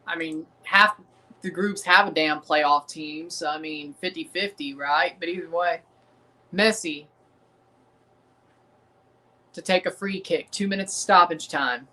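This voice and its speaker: Southern US man, streamer host, bright voice, rambling and defiant, repeats lines. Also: a little high, measured pace, long pauses, poor audio. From American South. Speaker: streamer hosting a match watchalong. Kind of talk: casual livestream commentary.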